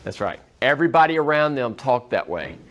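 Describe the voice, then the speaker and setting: A man's voice: medium pitch, very animated, fairly quick, fairly bright tone, dull audio. A man giving a classroom lecture in a conversational way, often checking in with his students. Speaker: teacher.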